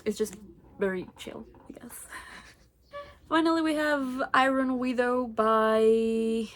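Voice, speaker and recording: Chatty young woman, slightly high voice. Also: fairly even intonation, slow pace. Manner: chatty, rambling, with many fillers and self-corrections. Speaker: book vlogger. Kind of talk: casual book review chat.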